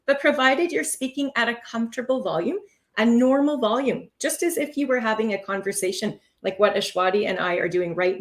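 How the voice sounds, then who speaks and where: Expressive woman teaching a language test. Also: on the high side. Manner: expressive, stresses key words, explains patiently. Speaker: test preparation instructor. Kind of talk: live online teaching session.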